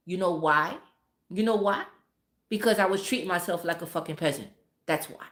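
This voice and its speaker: A woman's voice: on the low side, normal speed, long pauses, roomy sound. Blunt, profane woman livestreamer. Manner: blunt, heavily profane, emphatic and preachy; repeats words for emphasis. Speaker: livestream host talking to viewers. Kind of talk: casual livestream advice talk.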